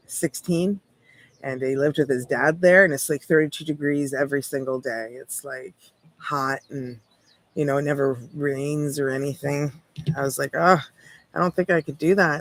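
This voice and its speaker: A woman's voice: low voice, no echo. A Canadian woman hosting a casual tarot livestream, chatting in a rambling, easygoing way with lots of "like" and light laughs.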